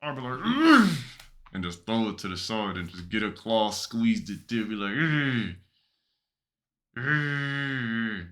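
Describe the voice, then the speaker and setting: A man's voice: on the low side, brisk, hardly any pauses. A male streamer chatting casually and bluntly, reacting crudely to clips. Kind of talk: casual livestream chat.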